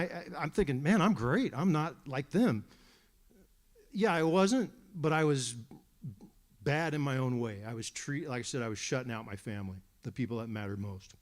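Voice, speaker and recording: Man telling a candid church testimony. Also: medium pitch. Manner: candid storytelling with frequent restarts. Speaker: church member giving a testimony. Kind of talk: personal testimony at a church service.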